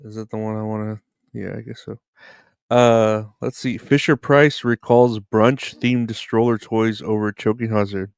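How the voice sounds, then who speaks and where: A man's voice: lowish voice, fairly even intonation, measured pace, vocal fry, clear, resonant tone, no echo, studio quality. A man hosting his podcast in a rambling, laid-back chat, swearing and chuckling as he goes. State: tired, yawning. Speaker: podcast host. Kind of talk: casual comedic chat.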